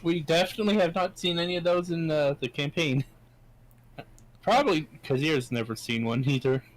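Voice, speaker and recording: A man's voice: a little high, moderate pace, low-quality recording. A man playing in a tabletop game, hesitant and thinking aloud as he talks. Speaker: player. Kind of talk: tabletop game chat over voice call.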